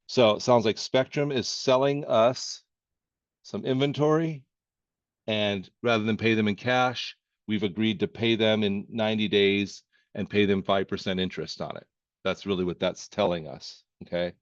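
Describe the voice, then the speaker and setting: A man with a low voice teaches accounting in a casual, joking way, walking through each problem step by step. He sounds close to a dry mic, with little room sound. The recording is a bit dull and muffled at the top. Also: dry recording. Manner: folksy and joking, with verbal asides. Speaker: accounting instructor.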